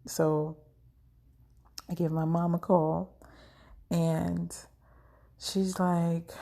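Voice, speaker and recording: A woman's voice: on the low side, level tone, drawn-out words, vocal fry, long pauses, dark tone. A woman podcast host telling a personal story in a casual, chatty way, full of fillers and frank asides.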